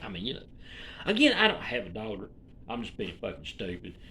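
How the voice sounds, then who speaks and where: A vlogger in his forties with an Alabama Southern accent rants casually to his viewers, rambling, profane and drawling. His voice is on the low side but swings hugely in pitch. He talks a little fast, and his delivery sounds pushed and bright.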